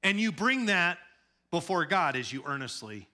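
A man from the Chicago area preaches at a church podium with a bright, forceful voice pitched a little high. His delivery is animated, moving between humor, acted-out quotes and earnest emphasis. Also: normal speed. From Chicago area, USA. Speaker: pastor. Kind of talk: sermon.

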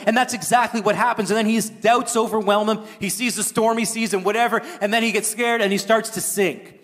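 High-voiced preaching man in a hall. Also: a little fast, few pauses. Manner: earnest preaching, rising to near-shouting at points. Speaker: pastor. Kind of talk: sermon. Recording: long hall reverb.

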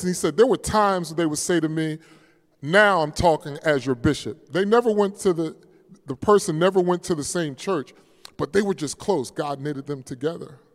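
A man preaching a sermon as pastor, moving from forceful declarations to a hushed storytelling tone. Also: medium pitch. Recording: long church reverb.

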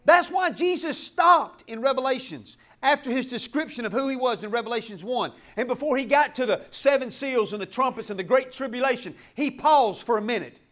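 A man pastor preaching a passionate sermon in church, breaking into shouts and laughs. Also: very high-pitched, animated, fairly quick, few pauses.

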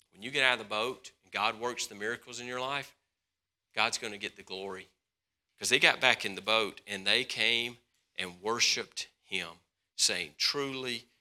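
A man preaching a sermon as pastor, swinging between loud, passionate stretches and hushed, slower ones. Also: mid-range voice.

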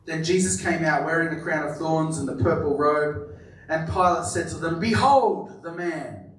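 A man preaching a sermon, emphatic and repeating his words, often dropping to a quiet, stressed delivery. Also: a little high, steady tone, moderate pace. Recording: very echoey room, voice from a distance.

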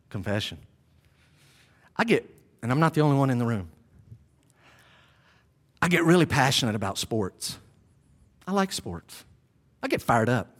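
A man's voice: medium pitch, very animated, a little slow, pauses often. A man preaching a sermon who speaks to the congregation directly and hammers home key phrases by repeating them. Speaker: pastor.

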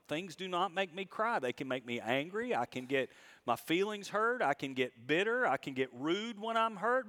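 In his sermon, the middle-aged pastor shifts back and forth between hushed reflection and loud, raised-pitch emphasis, taking his time over the lines that matter most.

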